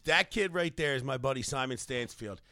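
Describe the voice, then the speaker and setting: A man, a comedian co-hosting a podcast, telling a story in a loud, profane, animated way and laughing hard. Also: medium pitch, fairly quick, vocal fry, no echo, clean studio sound.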